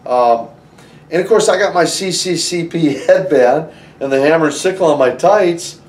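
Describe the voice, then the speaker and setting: A man's voice: fairly high pitch, normal speed, darkish tone. A man guest on an interview, telling a story animatedly with lots of restarts and "you know"s. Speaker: interview guest, former wrestler. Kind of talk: conversational storytelling. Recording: roomy, somewhat distant from the mic.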